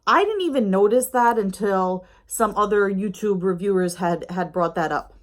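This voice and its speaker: A woman's voice: mid-range voice, expressive, normal speed. Chatty, rambling middle-aged woman. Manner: chatty, rambling, with many fillers. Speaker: YouTube reviewer. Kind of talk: casual review chat. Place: home with a snoring pet dog nearby.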